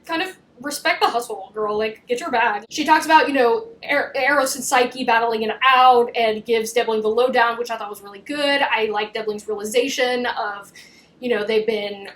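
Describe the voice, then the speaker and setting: A young woman hosting a casual recap, animated and chatty, swearing and acting out scenes. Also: a little high, moderate pace, poor audio. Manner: animated, swears, acts out quotes. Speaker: YouTube recap host. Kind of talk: casual chat.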